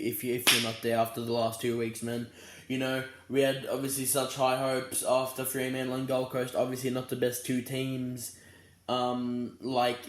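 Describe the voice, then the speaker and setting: A man's voice: mid-range voice, echoey room. A young Australian man giving a casual, rambling footy fan preview, tired and yawning but fired up about his team. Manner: rambling and fired up, many restarts.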